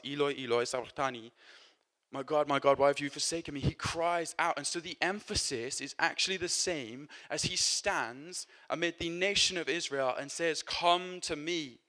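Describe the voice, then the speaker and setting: A man's voice: mid-range voice, pushed and bright. A man preaching a sermon in a conversational way, with many fillers and restarts, moving between scripture and personal stories.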